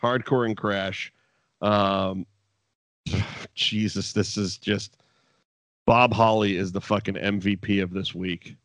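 Here a podcast co-host with a lowish voice goes slowly and leaves long pauses, with no room sound on the recording. Chatting casually, he tells a wrestling story packed with swearing, laughter and animation.

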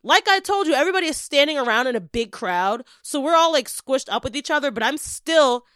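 A young woman hosting a podcast, casually telling an animated story and acting out the quotes. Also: fairly quick, no echo, clean studio sound. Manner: animated, acts out quotes with big pitch jumps.

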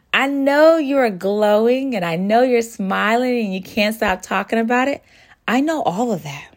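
A woman hosting a podcast, who talks straight to her listener in a warm, sisterly way and shares her feelings openly. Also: mid-range voice. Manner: emotive, sisterly, addresses listener directly. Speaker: podcast host. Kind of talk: personal motivational monologue.

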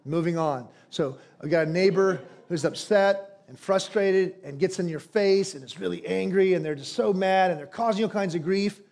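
A man with a noticeably high voice delivers a sermon as pastor. He preaches with emphasis, throwing out rhetorical questions and acting out quoted prayers. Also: normal speed, creaky, few pauses, darkish tone.

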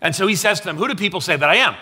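A middle-aged male pastor preaching a sermon, emphatic and rising to loud peaks, often checking in with "right?". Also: high voice, expressive, rapid-fire, husky.

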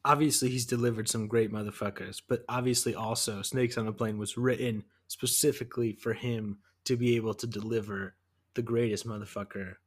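A man's voice: on the low side, steady tone, fairly quick. A man co-hosting a podcast in casual chat, enthusiastic, rambling and profane. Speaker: podcast co-host.

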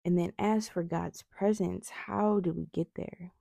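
A woman's voice: lowish voice, fairly even intonation, unhurried, vocal fry, dark tone, no room sound. A young woman with retainers in her mouth giving an earnest devotional talk on prayer, often checking in with "right?". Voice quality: slight lisp from retainers. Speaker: faith vlogger.

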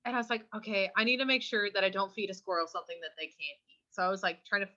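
A young adult woman co-hosts a casual podcast, telling stories chattily in a bright, pushed, mid-range voice at rapid-fire speed. She acts out quotes with little squeals, and the audio is dull and lo-fi.

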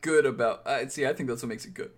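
A man co-hosting a laid-back sports podcast, his voice at an ordinary middle pitch. He rambles and restarts his sentences, with a wry, offhand tone. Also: fast talker. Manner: rambling, self-correcting, wry. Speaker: podcast co-host. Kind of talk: casual sports chat.

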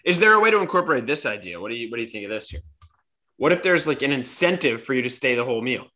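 A man's voice: medium pitch, big pitch swings, racing, sharp tone. A man hosting a casual podcast, brainstorming aloud with jokes and frequent restarts. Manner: joking, thinks aloud with restarts. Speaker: podcast host.

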